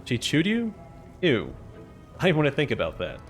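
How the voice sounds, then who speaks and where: A man's voice: mid-range voice, very animated, fast, faint music behind. A man voicing a blunt, skeptical commander questioning a demon.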